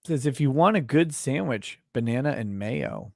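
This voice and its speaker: A man hosting a livestream, chatting casually with a guest and reading viewer comments aloud with many halting restarts. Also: medium pitch, lively intonation, gravelly, darkish tone, dry recording, clean studio sound. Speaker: livestream host.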